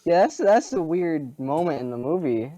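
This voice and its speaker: A man co-hosting a casual gaming podcast, sarcastic and quick to laugh. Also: on the high side, very animated, mellow. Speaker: podcast co-host. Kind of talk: casual chat.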